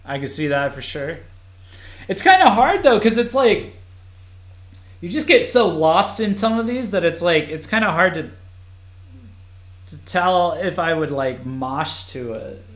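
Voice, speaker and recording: A man's voice: a little high, expressive, unhurried, long pauses, fairly bright tone, echoey room. A man hosting a live stream, reacting to an album as it plays, rambling and restarting his sentences. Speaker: podcast host.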